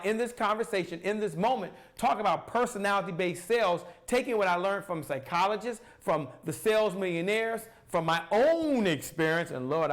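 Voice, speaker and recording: A man with a high-pitched voice gives an energetic live-stream sales talk. He asks himself questions, answers them and repeats phrases for emphasis. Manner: pauses to sip water. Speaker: sales coach.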